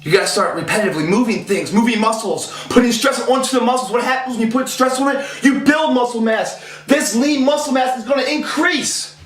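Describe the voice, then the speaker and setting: A man's voice: very high voice, brisk, hardly any pauses, a bit bright. Intense, profane man in an echoey room. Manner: intense, profane and rambling, voice rising when fired up. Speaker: fitness motivator. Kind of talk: casual motivational talk.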